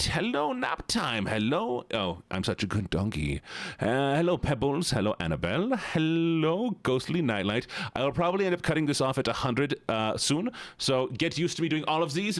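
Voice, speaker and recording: A man's voice: mid-range voice, dry recording. A man streaming live, playfully greeting his chat one by one with sing-song hellos. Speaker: livestreamer. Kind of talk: casual livestream chat.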